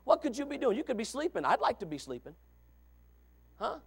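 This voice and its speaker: A man preaching a sermon as pastor, folksy and repetitive, swinging from quiet talk to fervent shouting. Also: very high voice, very animated, a little fast, vocal fry, pauses often, noisy background. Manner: folksy, repeats phrases.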